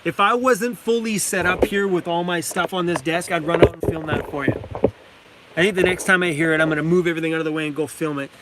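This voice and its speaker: Talking fast in a slightly high, steady voice, a man from Canada live streams from his parked van, reading chat names out loud and laughing a lot in his enthusiastic, casual chat. The recording is very noisy.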